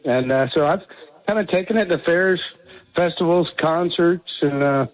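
Upbeat man, fairly high voice. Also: moderate pace. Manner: upbeat, fluent storytelling. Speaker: guest performer. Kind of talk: radio interview. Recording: muffled radio broadcast audio.

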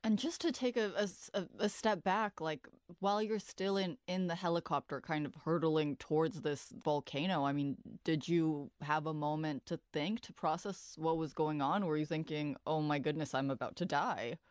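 Smooth, dry-sounding interviewer. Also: medium pitch, moderate pace, hardly any pauses, no room sound. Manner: probing, empathetic questions. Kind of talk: interview questions.

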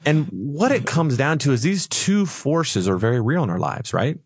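A man's voice: medium pitch, sing-song, moderate pace, breathy edge, no echo. A man co-hosting a retirement finance radio show, telling stories and acting out little voices playfully. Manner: storytelling, acts out voices playfully.

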